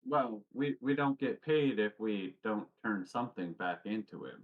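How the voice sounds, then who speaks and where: A man playing a tabletop game, explaining plans calmly with fillers. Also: on the low side, normal speed, phone-quality sound. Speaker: player. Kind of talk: casual chat.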